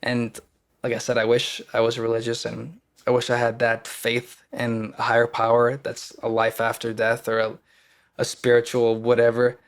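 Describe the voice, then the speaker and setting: A man's voice: medium pitch, monotone, moderate pace, clear, resonant tone. Candid man rambling through personal stories. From Wisconsin. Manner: rambling, candid, acts out his past panic in quoted lines. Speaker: podcast guest, actor. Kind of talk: casual storytelling conversation.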